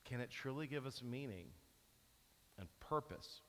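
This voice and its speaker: A man's voice: mid-range voice, a little slow, a little hiss or hum. A man preaching a sermon as pastor, telling stories and acting out the cheers and groans of a sports fan. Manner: animated storytelling, acts out cheering and groaning. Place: large church hall. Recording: hall reverb from a church.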